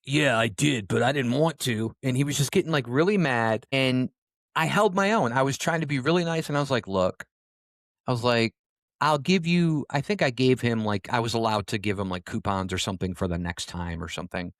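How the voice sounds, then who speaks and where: A man's voice: medium pitch, quick pace, dry recording, studio quality. A young adult man co-hosting a podcast, casually telling a rambling story with lots of fillers and the odd swear word. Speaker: podcast co-host.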